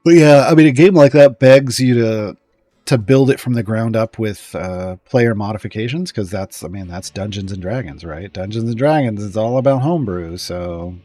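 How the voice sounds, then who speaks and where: A man chatting casually on a live stream, rambling and often trailing off with pauses and small chuckles. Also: on the low side, warm tone, faint music behind.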